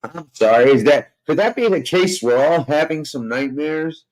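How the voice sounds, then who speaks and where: A hoarse man chatting casually and profanely to his live-stream viewers, rambling from topic to topic. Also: a little high, animated, moderate pace, darkish tone, rough recording. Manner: profane, rambling and laid-back. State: hoarse, strained voice. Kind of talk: casual livestream chat.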